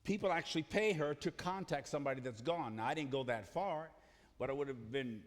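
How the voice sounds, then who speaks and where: High bright preacher guy, church hall echo, punchy delivery. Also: brisk. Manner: emphatic, calls on the congregation to repeat phrases. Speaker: pastor. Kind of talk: sermon. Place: church sanctuary.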